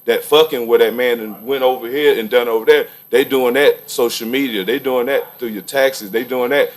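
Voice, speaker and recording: Rambling man thinking out loud. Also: mid-range voice, steady tone, normal speed. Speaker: podcast co-host. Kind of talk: barbershop debate.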